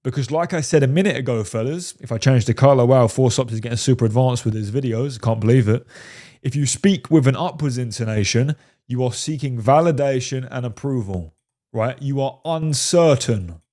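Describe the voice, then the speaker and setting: A man talking straight to camera as a dating coach, breaking down film clips in loose, casual commentary. He swears freely and keeps checking in with "right?" and "fellas" as he explains. His pitch sits mid-range for a man. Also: brisk, mellow. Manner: profane, repeats "right?" and "fellas".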